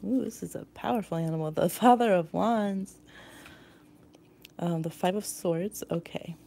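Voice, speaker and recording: A woman with a fairly low voice that has a gravelly, creaky edge and a dark, mellow tone. She gives a pick-a-card tarot reading. She rambles intuitively and pads her thoughts with fillers. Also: a little slow, slight background noise.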